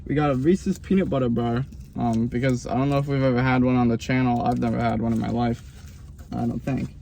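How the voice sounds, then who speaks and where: Male food vlog host, mid-pitched, upbeat and rambly, on location at a store, faint background hum. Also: steady tone, fairly quick, creaky, mellow. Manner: upbeat, loose and rambling, with fillers. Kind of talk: casual food review chat. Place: at a convenience store, out in the sun.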